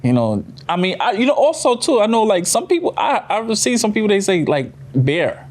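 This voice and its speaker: A man's voice: sits high, huge pitch swings, a little fast. A man co-hosting a podcast in casual, rambling talk full of "you know what I'm saying". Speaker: podcast co-host. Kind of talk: casual chat.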